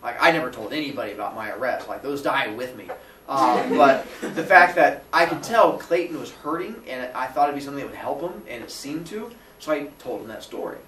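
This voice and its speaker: Man, teacher, casual storytelling podcast, animated, acts out dialogue, bright voice, roomy distant recording. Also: fairly quick. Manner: animated, acts out dialogue with big pitch jumps and laughs. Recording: roomy sound from a distant mic with faint noise.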